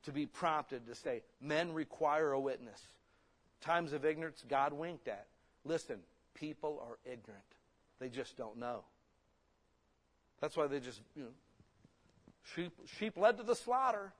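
A man preaching a sermon in a church, blunt and folksy, with sudden loud emphatic bursts. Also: on the high side, expressive, unhurried, pauses often. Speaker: pastor. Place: church hall.

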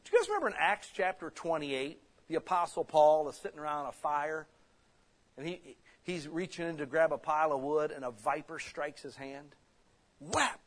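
Male pastor, slightly high voice, animated conversational preaching style. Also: normal speed. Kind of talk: sermon.

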